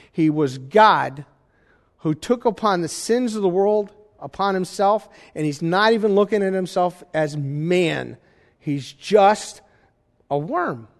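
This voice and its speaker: A man's voice: sits high, expressive, unhurried. A man preaching a Sunday sermon, teaching and questioning his congregation with emphasis. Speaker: pastor. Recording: long hall reverb.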